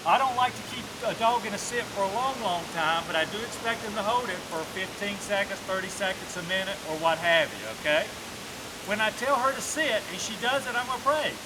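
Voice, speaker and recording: High-voiced man coaching a dog training lesson. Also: animated, brisk, noisy background. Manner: explains step by step, often tagging on a checking "okay?"; switches to upbeat praise and commands while working the dog. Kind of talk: instructional training demonstration.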